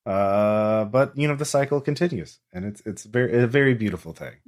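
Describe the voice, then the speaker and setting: A man voicing a serene masked woman at a masquerade, speaking in a dreamy, fond and softly wistful way. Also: on the low side, expressive, a little fast, natural voice.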